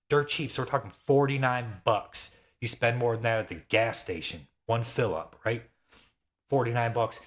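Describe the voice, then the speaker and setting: A man in his thirties making an excited, repetitive sales pitch, getting worked up as he talks. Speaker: affiliate marketer. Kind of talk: excited sales pitch, self-described rant.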